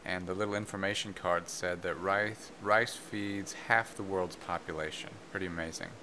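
Guy chatting through his plant vlog, lowish voice, faint background hum. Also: steady tone, normal speed. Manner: friendly, conversational, with filler "uh". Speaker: vlog host. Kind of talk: casual plant vlog narration. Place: botanical garden greenhouse.

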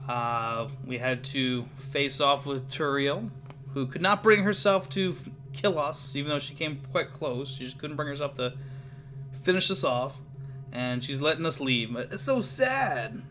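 A man's voice: medium pitch, lively intonation, unhurried, a bit bright, faint music behind. A man giving chatty let's play commentary, reacting aloud as he plays. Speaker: gamer.

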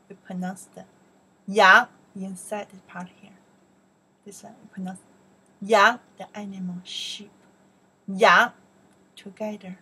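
A woman with a Chinese accent teaching vocabulary, saying each word loudly and explaining it more softly in English. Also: mid-range voice, slightly rough, low-quality recording. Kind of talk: vocabulary lesson, repeating words aloud.

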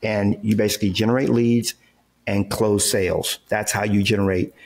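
A man's voice: on the low side, steady tone, moderate pace. A man who is a real estate entrepreneur and coach, guest on an interview, explaining his ideas emphatically in casual talk with everyday examples and frequent checks like "okay" and "right".

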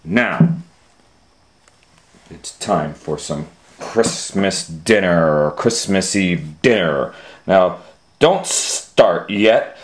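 A man hosting a children's storytime and reading a picture book aloud in an expressive way, swinging from loud scolding calls to hushed asides. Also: sits low, drawn-out words, pauses often.

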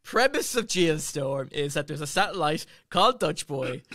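A man co-hosts a chatty podcast, rambling his way into each point. His voice is bright and a little high. The sound is dry and close. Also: sing-song, moderate pace, no room sound. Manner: rambling, sets up points with "right" and "okay". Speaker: podcast co-host. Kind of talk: casual podcast banter.

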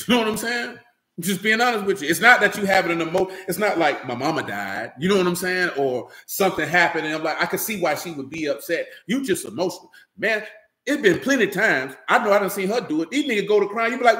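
A man's voice: high voice, animated, fast, pushed and bright, reverberant. A man giving a loose, conversational sermon, talking directly to listeners and often checking they follow him. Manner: talks loosely and directly, often asking "you know what I'm saying". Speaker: preacher.

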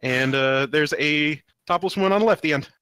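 A man's voice: fairly high pitch, a little fast, bright, forceful tone, clear, resonant tone, no echo. A man co-hosting a comedy podcast, reading a webcomic aloud with frequent giggles and silly voices. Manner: giggly, reads out panel dialogue in silly voices. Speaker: podcast co-host.

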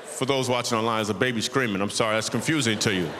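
A man's voice: lowish voice, fast, noisy background. A man in his thirties doing a stand-up comedy set in a church, telling a story and acting out the voices. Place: large church auditorium. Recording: reverberant hall, faint ambience.

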